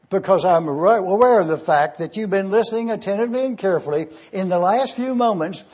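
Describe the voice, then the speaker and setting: A man preaching an expository sermon as pastor, teaching slowly and emphatically with deliberate repetition of key words. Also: high voice, darkish tone, husky. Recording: dull lo-fi sermon recording.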